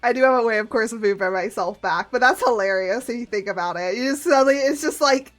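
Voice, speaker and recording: A woman streaming live in casual chat, giggling often and muttering to herself as she clicks through software. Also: a little high, fast talker, soft background music.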